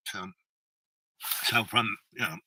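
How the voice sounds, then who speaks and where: A man's voice: on the low side, slow pace, pushed and bright, slightly rough, distant mic, rough recording. Rambling storyteller man, off mic. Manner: meandering, self-interrupting, acts out quoted voices. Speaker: channel host.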